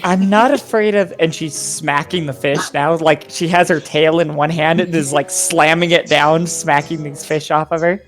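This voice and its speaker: A player in a tabletop role-playing game who asks halting, hesitant questions. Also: mid-range voice, level tone, soft background music. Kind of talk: casual tabletop game chat.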